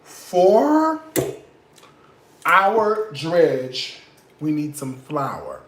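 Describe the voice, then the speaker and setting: A man's voice: on the high side, huge pitch swings, drawn-out words, a bit bright, roomy sound. A man hosting a casual home cooking tutorial in his kitchen, sassy and profane, tipsy from liquor as he rants about bad food. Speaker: home cook, cooking show host.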